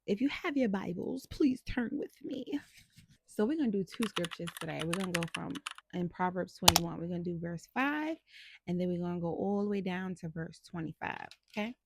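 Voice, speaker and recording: A woman's voice: fairly low pitch, lively intonation, a little fast, vocal fry, slight background noise. A woman hosting a casual Bible devotional, talking to listeners in a chatty, playful and encouraging way. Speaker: host of a faith devotional channel.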